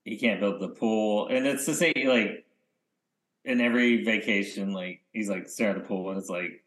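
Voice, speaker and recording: A man co-hosting a podcast in casual chat, rambling and often trailing off into quiet mumbles. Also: lowish voice, normal speed. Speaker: podcast co-host.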